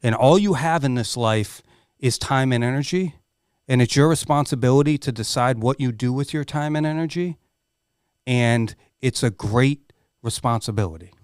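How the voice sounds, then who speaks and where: Candid and emotional, a middle-aged podcast guest tells an earnest personal story, swearing freely as he goes. He speaks at a moderate pace in a medium-pitched voice that is darkish, clear and resonant, recorded dry with clean studio sound.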